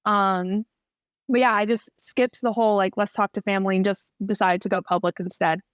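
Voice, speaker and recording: A woman in her thirties chats on a podcast in a loose, storytelling way, full of small fillers. Her voice sits at an ordinary middle pitch. The sound is dry and close, with no room in it. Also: steady tone, brisk, no room sound. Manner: chatty storytelling with many "like" fillers. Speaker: podcast guest. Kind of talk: casual interview chat.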